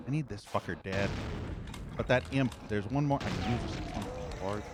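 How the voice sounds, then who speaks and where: A man's voice: fairly low pitch, expressive, normal speed, heavy background noise. A man streaming a shooter game, giving live commentary with frequent profane, frustrated rants. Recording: game music and gunfire behind.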